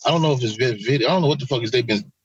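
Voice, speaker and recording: A man co-hosting a casual podcast chat, talking in an animated, profane way and acting out quotes. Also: medium pitch, very fast, slightly rough, no echo, highs cut off. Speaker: podcast co-host.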